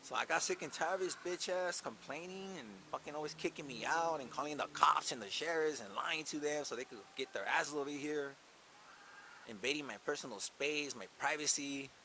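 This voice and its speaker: A man's voice: fairly high pitch, a little fast, rough recording. Profane man in his thirties venting. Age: 30s. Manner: profane, venting, gets loud when worked up. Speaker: channel host. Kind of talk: casual vlog rant. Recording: hissy background.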